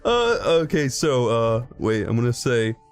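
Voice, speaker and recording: A man's voice: medium pitch, sing-song, unhurried. A man in casual gaming chat, hesitant and filling gaps with uh. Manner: hesitant, lots of uh and restarts. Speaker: streamer playing a text adventure.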